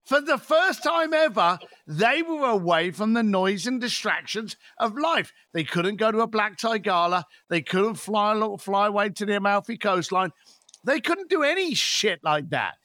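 A man's voice: high-pitched, lively intonation, normal speed, sharp tone, dry recording. A man in his fifties, a podcast guest telling stories in a blunt, swearing, rant-like way. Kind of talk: podcast interview.

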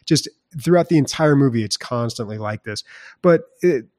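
A man co-hosts a podcast in loose, casual chat, rambling along with fillers and false starts. His voice sits at an ordinary pitch. The recording is close and dry. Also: expressive, normal speed, a little mellow, no room sound. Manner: rambling, lots of fillers and restarts. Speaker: podcast co-host.

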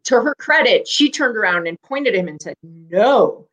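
A middle-aged woman, a physician and guest, telling stories in a clear, composed and measured way in a casual interview. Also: fairly high pitch, expressive, pushed and bright, muffled recording. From United States.

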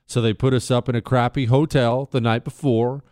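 A middle-aged Montana man hosts a radio talk show, telling a personal story in a wry, conversational monologue that turns animated when he shouts drill instructor lines. His voice is medium in pitch and normal in speed. The studio recording is clean, with no room sound.

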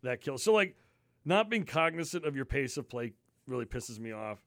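A young man co-hosting a podcast, telling stories in a casual, animated way with plenty of swearing. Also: medium pitch, moderate pace, dry recording. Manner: profane, animated storyteller. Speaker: podcast co-host. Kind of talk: casual chat.

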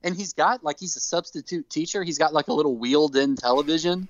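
A man's voice: fairly high pitch, fast, no room sound, lo-fi sound. A man casually recapping a show with a co-host, acting out quotes in playful put-on voices. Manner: animated storyteller, acts out quotes in put-on voices.

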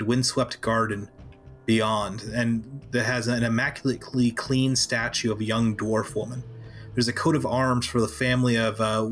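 A man's voice: medium pitch, fairly bright tone. A man running a tabletop game as game master, narrating in a casual way with many fillers.

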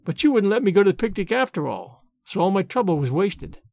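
A man's voice: sits high, very animated, fairly quick, creaky, a little mellow, no echo, clean studio sound, full character voice. A male narrator voicing an imaginative, talkative orphan girl of about eleven in a storybook reading, gushing and dramatic. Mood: weary.

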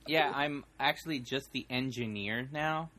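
A man co-hosts a podcast and runs its tech. He talks at a middle pitch and chats casually, teasing and joking as he goes. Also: a little slow, sharp tone. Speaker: podcast engineer and co-host. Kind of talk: casual chat.

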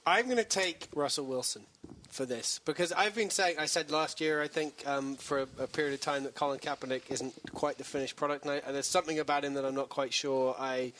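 A man giving his views as an analyst on a sports panel, measured and thoughtful. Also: fairly high pitch, a bit bright, a little hiss or hum. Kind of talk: casual sports panel talk.

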